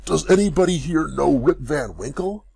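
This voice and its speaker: A man's voice: on the high side, very animated, slow pace, husky, voice pushed up, exaggerated voice. A man voicing a bewildered, ragged old man who pleads humbly and anxiously in a raised voice.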